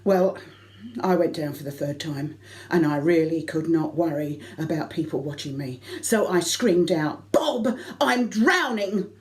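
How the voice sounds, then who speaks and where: A middle-aged woman telling a comic personal anecdote to a concert audience, lively and self-mocking. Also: sits low, unhurried. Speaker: variety concert performer.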